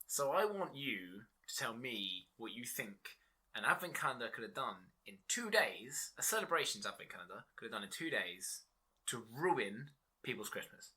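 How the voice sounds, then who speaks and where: Bright, husky man, sweary and laughing. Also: mid-range voice, moderate pace. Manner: sweary, laughing, animated banter. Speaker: podcast co-host. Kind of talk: casual podcast chat.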